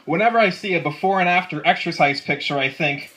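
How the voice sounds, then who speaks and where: A man's voice: sits high, quick pace, a crowd in the background. A man in his twenties performing stand-up comedy, delivering dry one-liners and chuckling at his own jokes. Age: 20s. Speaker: amateur comedian. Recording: live set with audience laughter. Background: audience laughing.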